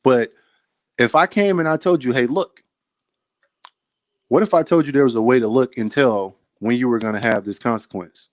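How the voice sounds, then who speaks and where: A man's voice: medium pitch, normal speed, long pauses, no room sound. A man, a soldier, giving a motivational talk to camera, speaking straight to the viewer with emphatic repeated phrases.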